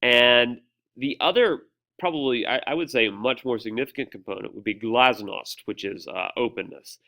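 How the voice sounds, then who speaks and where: A man's voice: medium pitch, moderate pace, bright, forceful tone. A man teaching a history lesson in a casual, hesitant way, with frequent fillers, restarts and dry, wry asides. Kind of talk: recorded history lecture.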